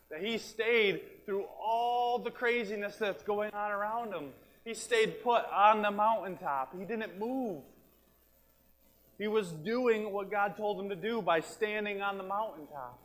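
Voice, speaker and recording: A man's voice: high-pitched, a bit bright, poor audio. A man preaching a sermon as pastor, talking plainly and repeating his key phrases, sometimes dropping to a whisper. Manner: drops to a whisper to make a point, then back up.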